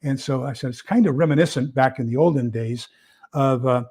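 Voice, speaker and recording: Older guy rambling on a livestream, lots of uh and restarts, average pitch. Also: brisk, darkish tone, breathy edge. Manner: rambling, many fillers and repeated words. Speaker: prepper channel host. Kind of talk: casual livestream chat reading comments.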